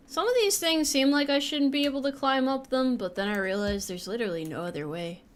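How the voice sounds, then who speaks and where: A woman's voice: high voice, brisk. A young woman streaming a game, chatting casually with a playful, joking manner and casual swearing. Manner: playful, jokey, swears casually while playing.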